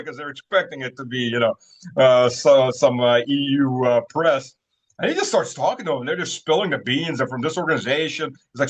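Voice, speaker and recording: A man's voice: fairly high pitch, big pitch swings, moderate pace. A man talking casually as an interview guest, rambling with many fillers and chuckling at his own stories. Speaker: guest, military-political commentator.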